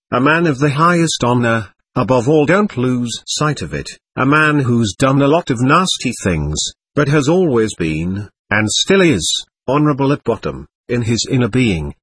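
A man's voice: mid-range voice, big pitch swings, normal speed, a bit bright, breathy edge, no echo. A man reading the part of an agitated, proud young man under questioning, speaking in an impassioned, pleading way. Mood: anguished. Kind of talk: audiobook character reading.

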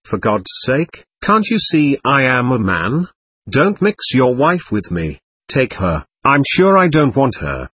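A man's voice: mid-range voice, big pitch swings, takes it slowly, a bit bright, husky, dry recording, studio quality, full character voice. A man reading aloud the lines of a stubborn, hostile male spirit from a séance record, defiant and threatening.

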